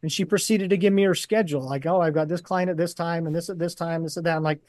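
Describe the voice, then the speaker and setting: Guy on a podcast going thru his list, kinda high voice, dry close sound. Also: fairly even intonation, quick pace, a little mellow, no room sound. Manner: explains points in a numbered list. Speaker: podcast guest. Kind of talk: casual chat.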